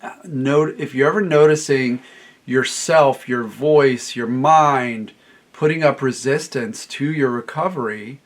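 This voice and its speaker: A man's voice: medium pitch, measured pace. A middle-aged man talking as a recovery coach, emphatic and repetitive, quoting clients in a raised voice. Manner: emphatic, repeats phrases, quotes clients in a raised voice. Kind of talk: solo talk to camera.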